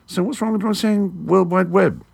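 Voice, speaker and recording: A man's voice: high voice, normal speed, creaky, darkish tone, husky. A middle-aged English man hosting a monologue podcast into a studio microphone, wry, theatrical and erudite. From England. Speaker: podcast host.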